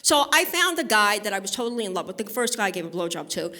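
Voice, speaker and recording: Very animated and quick, her mid-range voice comes across pushed and bright. She's a stand-up comedian from Brooklyn, New York, on stage at a live benefit event, delivering a brash, chatty set of bawdy stories and crowd work.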